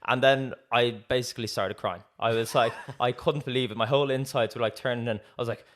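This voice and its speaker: Telling a story in casual podcast chat, this young male co-host acts out quoted dialogue and laughs often. His medium-pitched voice moves fast and lively.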